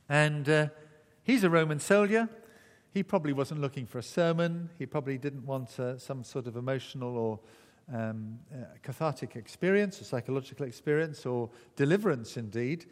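A man's voice: mid-range voice, expressive, normal speed. A man preaching a sermon, telling the story vividly and acting out the voices. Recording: echoey hall.

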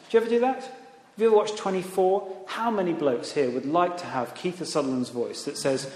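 A man preaching a sermon in a church, animated, with conversational asides and rising emphasis. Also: on the high side, fairly quick. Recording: echoey hall, long reverb.

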